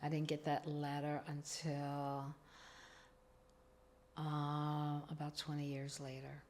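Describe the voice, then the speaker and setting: A woman's voice: deep voice, completely flat delivery, slow, darkish tone, slight background noise. A middle-aged woman, telling her own recovery story as a podcast guest, acting out the dialogue she quotes.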